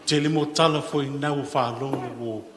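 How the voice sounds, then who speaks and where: A man's voice: mid-range voice, fairly even intonation, a little fast, noisy background. A middle-aged man giving a solemn, heartfelt eulogy for his mother in a large church. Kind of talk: funeral eulogy. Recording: echoey church hall, faint ambience.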